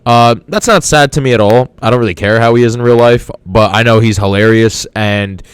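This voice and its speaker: A man's voice: mid-range voice, fairly even intonation, a little fast, clear, resonant tone, no echo. Picture a male podcast host talking in a loose, rambling monologue. He is enthusiastic, trips over his words and repeats himself, in a mid-range voice recorded dry and close. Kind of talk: casual monologue.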